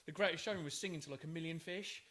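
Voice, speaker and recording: A man's voice: on the high side, racing. A man, co-hosting a casual podcast chat and telling anecdotes about his children. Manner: chatty, relaxed anecdotes with frequent fillers. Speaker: podcast co-host.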